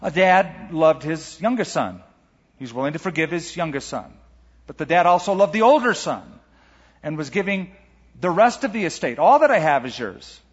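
A man's voice: a little high, lively intonation, normal speed, husky. A male pastor preaching a sermon in an earnest, emphatic way in a church auditorium. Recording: echoey hall, dull lo-fi sound.

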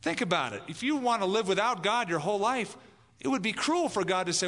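Animated preacher man in a reverberant hall. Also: high voice, brisk. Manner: animated, acts out voices in quotes. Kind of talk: evangelistic sermon.

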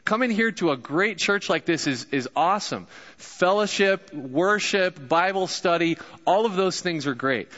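A young man preaches with a bright, forceful voice, chatting casually and joking with the congregation. His voice rings through a large church hall with a long echo, and the recording sounds a little dull. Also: sits high, animated, a little slow. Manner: casual, joking, addresses crowd directly. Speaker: guest pastor. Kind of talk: sermon.

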